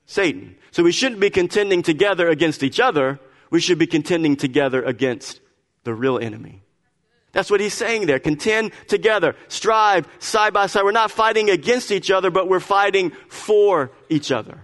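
Male pastor, sermon delivery, emphatic and repetitive, slightly high voice, reverberant church hall. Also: normal speed, a bit bright. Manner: emphatic, repeats phrases, stammers on restarts. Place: church sanctuary.

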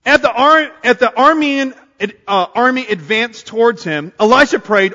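A man preaching a sermon to a congregation, energetic and calling on them to answer back. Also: very high voice, moderate pace, lo-fi sound. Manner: energetic, calls on the congregation to respond. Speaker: pastor. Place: church sanctuary. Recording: long hall reverb. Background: congregation responding.

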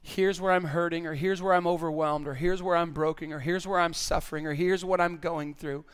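Man, pastor, sermon, high voice, earnest, stammering repeats for emphasis. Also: steady tone, brisk, clean tone. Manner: earnest, repeats words when stressing a point.

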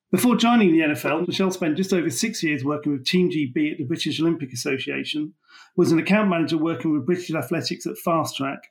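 A man hosting a trade podcast, reading a brisk introduction and then asking questions with some stumbling. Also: a little high. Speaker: podcast host, features writer.

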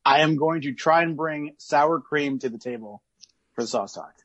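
Hesitant husky-voiced male podcast guest. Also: a little high, normal speed, fairly bright tone, dry recording, muffled recording. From Illinois. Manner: hesitant, full of ums and uhs, laid-back. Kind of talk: casual chat.

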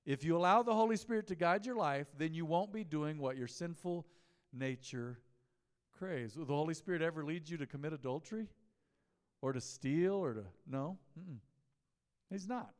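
Chatty pastor in a reverberant church hall. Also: male voice, fairly high pitch, moderate pace, clean tone. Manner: conversational, storytelling, asks the congregation questions. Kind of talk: mid-week sermon. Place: church sanctuary.

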